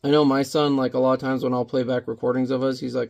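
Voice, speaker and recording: A man's voice: medium pitch, flat delivery, very fast, few pauses, a little mellow. A man chatting casually while he paints in watercolor, rambling and muttering to himself as he works.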